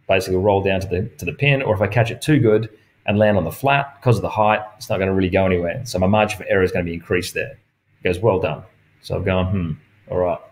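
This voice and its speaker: A man with an Australian accent, a golf pro and coach talking as a guest in a casual interview, telling stories and acting out quoted dialogue with frequent laughs. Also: on the low side. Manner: lively storyteller who acts out quoted dialogue; laughs often while talking.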